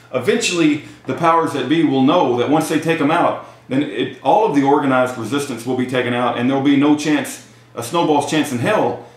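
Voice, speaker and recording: A man talking in a halting casual monologue full of fillers and restarts, and at times reading aloud from a text. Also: mid-range voice. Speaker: video commentator. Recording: very echoey room.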